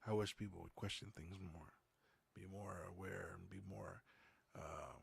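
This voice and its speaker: Host, male, low and husky, loose rambling livestream chat, dry close sound. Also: fairly even intonation, a little slow. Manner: rambling, conversational, many fillers. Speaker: podcast host. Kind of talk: casual livestream chat, reading viewer comments.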